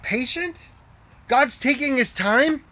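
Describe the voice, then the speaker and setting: A pastor preaches an earnest sermon, posing rhetorical questions and dropping into hushed tones. He has a high voice and keeps a measured pace.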